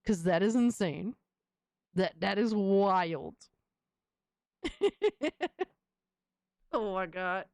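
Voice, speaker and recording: A woman's voice: medium pitch, expressive, very slow, pauses often, darkish tone, dry recording. A young adult woman hosting a live stream in casual chat. She swears freely and coos at her cat.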